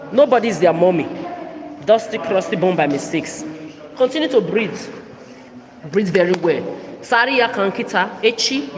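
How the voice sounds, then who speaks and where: A young woman records a heated video update on her phone, talking in a confrontational, repetitive way that rises into outbursts. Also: medium pitch. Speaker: vlogger. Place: indoor public hall with shops on each side. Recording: echoey big indoor hall.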